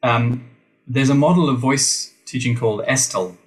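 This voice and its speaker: A man's voice: medium pitch, normal speed, low-quality recording. A middle-aged Australian man, a voice teacher, talking animatedly in a podcast interview, with playful asides to the listeners. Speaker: guest, voice teacher.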